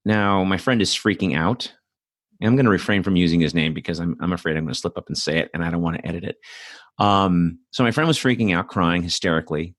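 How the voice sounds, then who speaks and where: A middle-aged man with a very deep voice speaks alone as host of his own show. He talks bluntly and curses freely, with many fillers and restarts. The recording is dry, with almost no room sound. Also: quick pace, a bit bright, no room sound. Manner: blunt and profane, with frequent fillers. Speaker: podcast host. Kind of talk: solo casual monologue.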